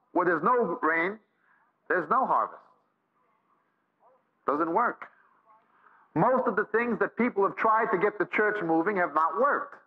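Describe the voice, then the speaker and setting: Emphatic preacher with a dull, lo-fi sound. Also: male voice, fairly high pitch. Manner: emphatic, repetitive preaching with rhetorical lists. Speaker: Bible teacher. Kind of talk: sermon. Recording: dull lo-fi recording.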